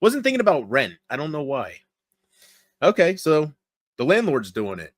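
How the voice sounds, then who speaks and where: A man streaming late at night. He keeps his voice low and rambles casually while talking straight to his viewers. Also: moderate pace, no room sound, clean studio sound. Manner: relaxed, rambling, talks straight to viewers in chat. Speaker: livestreamer.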